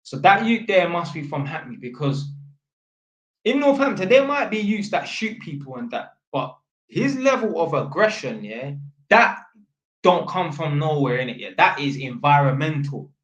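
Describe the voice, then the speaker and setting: A man's voice: fairly high pitch, very animated, normal speed, fairly bright tone, highs cut off. Rambling man, slangy, in an echoey room. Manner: slangy, rambling, full of fillers and restarts. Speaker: electrician. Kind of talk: storytelling vlog. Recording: roomy echo.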